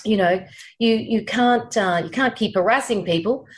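A woman career coach speaking as a podcast guest, measured and emphatic, repeating her key points. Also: medium pitch. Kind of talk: casual interview chat.

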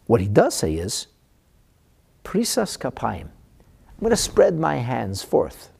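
A man giving a Torah lesson, animated, slowing down to stress the Hebrew verses he quotes. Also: medium pitch, gravelly, breathy edge. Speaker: Torah teacher.

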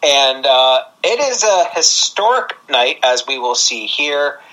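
A man from Canada co-hosting a wrestling podcast in relaxed casual chat, laughing easily. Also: medium pitch, slow pace, rough recording. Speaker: podcast co-host.

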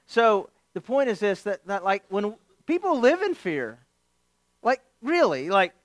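A male pastor preaches with an animated, joking storytelling style. His voice sits high for a man and rings smooth and resonant. The sound is dry and close, with no room echo. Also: a little slow. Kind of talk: sermon with humorous storytelling.

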